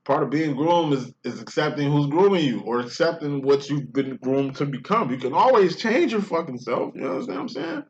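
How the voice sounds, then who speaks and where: A man's voice: a little high, expressive, brisk, hardly any pauses. A man giving a casual spiritual monologue as a twin flame reader, talking in rambling, profane street slang. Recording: dull lo-fi audio.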